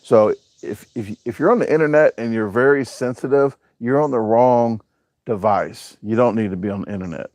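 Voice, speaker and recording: At normal speed, a man speaks in a medium-pitched, somewhat mellow voice, recorded dry. He's at home with his backyard on camera, running a casual live chat where he reads out comments, jokes and rambles with a southern-US way of talking.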